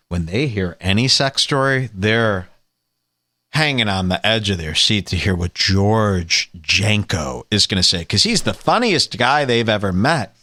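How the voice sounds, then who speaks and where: A man's voice: on the low side, a little slow. A man hosting a show, mocking a clip with sarcastic commentary. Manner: sarcastic, scoffing, animated. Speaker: podcast host reacting to a clip.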